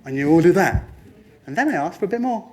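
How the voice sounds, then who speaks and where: A man giving a lively motivational presentation to a room, addressing the audience and slipping into other people's voices for quoted lines. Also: high-pitched, fast, background noise. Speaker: speaker at a training talk.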